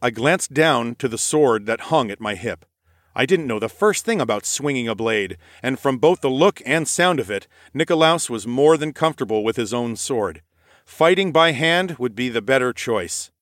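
A man giving expressive, scripted first-person narration of a story. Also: medium pitch, moderate pace, dry recording, clean studio sound. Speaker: audiobook narrator.

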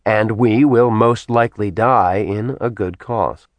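A man's voice: lowish voice, unhurried, dry recording, close to an everyday voice. A man voicing a stoic, sarcastic warrior. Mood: sardonic.

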